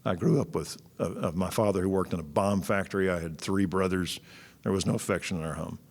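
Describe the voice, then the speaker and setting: A man's voice: low voice, brisk. A man, preaching a sermon in a folksy, blunt and joking way. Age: 60s. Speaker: pastor. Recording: long church-hall reverb.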